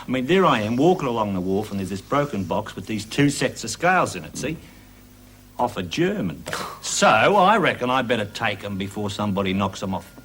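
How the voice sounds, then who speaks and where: A man's voice: lowish voice, very animated, a little fast, fairly bright tone, slight background noise. An actor with an Australian accent playing a joking middle-aged uncle and wheeler-dealer who laughs through his brash banter. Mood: cheeky.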